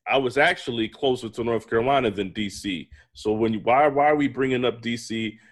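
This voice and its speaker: A man's voice: medium pitch, brisk. A man co-hosting a sports podcast, arguing and teasing in casual banter, often talking over his partner. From Virginia. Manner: argumentative, teasing, talks over the other host. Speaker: podcast co-host.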